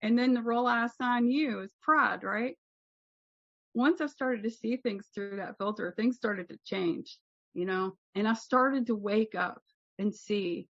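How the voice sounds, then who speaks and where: A woman's voice: on the high side, a bit bright. A woman from Kentucky talks candidly at a recovery meeting, poking fun at herself and restarting her sentences as she goes. The recording sounds dull and a little muffled, with a dry, close feel and no room echo. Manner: candid and self-mocking, with frequent restarts and laughs. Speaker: guest speaker at a recovery meeting. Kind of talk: personal share at a speaker meeting.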